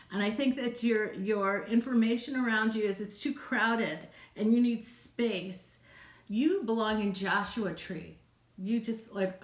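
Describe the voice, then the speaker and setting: A woman psychic chatting casually on a live stream, answering viewers' questions in a rambling way with frequent laughs. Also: mid-range voice. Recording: roomy, echoey room sound.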